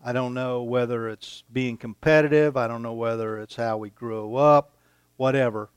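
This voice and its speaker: A man preaching a sermon, reading scripture aloud and pausing for effect between phrases. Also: medium pitch, fairly even intonation, smooth, dry recording. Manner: slow, deliberate preaching with dramatic pauses, reading scripture aloud. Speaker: pastor.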